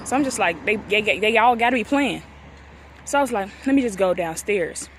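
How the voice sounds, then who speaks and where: A woman in her twenties tells a painful memory in a casual, unscripted way, recorded outdoors near a street. Her voice sits at a middle pitch. She slips into the voices of the people she quotes. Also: lively intonation, moderate pace, slight background noise. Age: 20s. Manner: emotional, acts out quoted dialogue. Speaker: vlogger. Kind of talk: casual storytelling.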